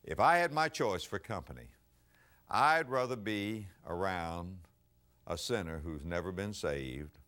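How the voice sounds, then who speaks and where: A middle-aged male pastor delivers a sermon at an unhurried pace in a low voice with lively intonation. He tells stories using acted-out voices, swinging between soft asides and loud bursts.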